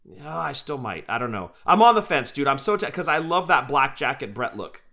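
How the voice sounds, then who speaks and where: An excitable man co-hosting a casual podcast who keeps tossing in "dude". His voice is bright and forward, with a mid pitch. He gushes and weighs things out loud in an easygoing way. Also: a little fast, vocal fry. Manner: enthusiastic, says "dude" often. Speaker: podcast co-host. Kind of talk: casual chat.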